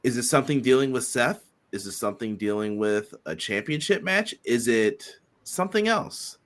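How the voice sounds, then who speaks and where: A man's voice: medium pitch, lively intonation, normal speed. A man co-hosting a wrestling podcast, chatting casually and reading out listener comments. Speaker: podcast co-host.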